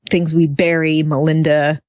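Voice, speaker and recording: A woman co-hosts a fan podcast, sarcastically chatting about a TV episode and laughing often. She speaks low and unhurried with little pitch movement and a darkish tone, and the recording is dull, dry and lo-fi.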